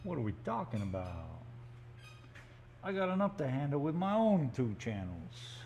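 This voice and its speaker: A man's voice: mid-range voice, huge pitch swings, normal speed, darkish tone, a little hiss or hum. A man chatting casually and joking in rambling asides while he paints live in an art gallery studio. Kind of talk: casual live-stream chat.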